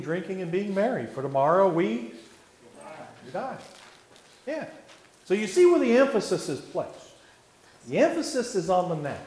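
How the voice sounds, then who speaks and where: A man leads a church Bible class, a touch high-pitched, pausing often on fillers and restarting his sentences. He puts questions to the class as he goes. The room rings with echo.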